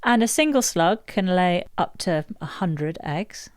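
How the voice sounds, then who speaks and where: A woman's voice: on the low side, animated, measured pace, no echo, studio quality. A woman co-hosting a gardening podcast, sharing facts in a giggly, enthusiastic casual chat. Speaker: podcast co-host.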